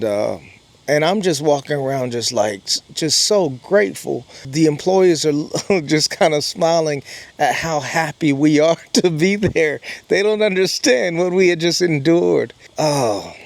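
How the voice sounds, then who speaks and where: A man's voice: on the high side, no room sound. A man earnestly telling a personal travel story to camera, emphatic and acting out the dialogue. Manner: earnest, emphatic retelling with lots of quoted dialogue.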